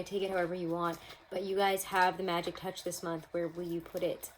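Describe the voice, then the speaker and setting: A woman's voice: on the low side, level tone, fairly quick, slight background noise, low-quality recording. A young woman giving a casual, upbeat tarot reading to camera at home, speaking straight to her viewers. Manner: chatty, upbeat, addresses viewers as guys. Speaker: tarot reader. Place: home room.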